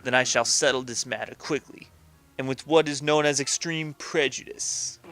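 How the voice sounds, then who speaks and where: Tough-talking video game mob boss, New York Italian put-on accent, bright and pushy, voiced by a man. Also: mid-range voice, steady tone, moderate pace, close to an everyday voice. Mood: commanding. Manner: tough-talking, blunt threats. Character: gruff male mob boss, bossy and menacing. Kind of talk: reading game dialogue aloud in voices.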